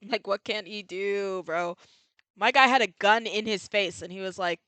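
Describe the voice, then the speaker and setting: A woman's voice: mid-range voice, normal speed, pushed and bright, clear, resonant tone, no room sound. Chatty giggly young woman streamer. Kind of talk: casual game stream chat.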